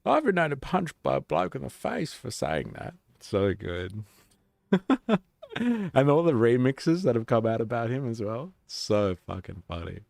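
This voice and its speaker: Male streamer, low gravelly voice, dry close sound, loose and sweary while gaming. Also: sing-song, unhurried, a little mellow, no room sound. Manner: offhand, swears, reacts to chat. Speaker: live streamer. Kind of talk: casual live-stream chat while gaming.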